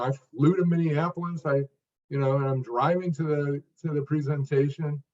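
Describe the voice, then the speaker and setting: A man's voice: mid-range voice, a little mellow, far from the mic, lo-fi sound. A man giving an interview answer as a speech coach, talking in short emphasized phrases with frequent restarts.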